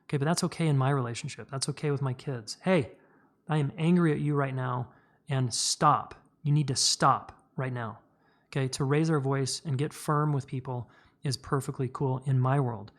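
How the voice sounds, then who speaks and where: A man's voice: medium pitch, a little mellow. A middle-aged man hosting a podcast, answering listener questions in blunt, candid casual talk full of fillers and the occasional swear word. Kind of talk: casual spoken advice.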